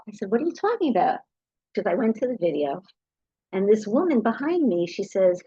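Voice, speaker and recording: A woman's voice: mid-range voice, brisk, breathy edge, no echo, dull audio. A middle-aged woman telling anecdotes to an audience, acting out the voices of the people in her stories. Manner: lively anecdotal storytelling, acts out quoted voices. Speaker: speaker. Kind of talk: storytelling talk to an audience.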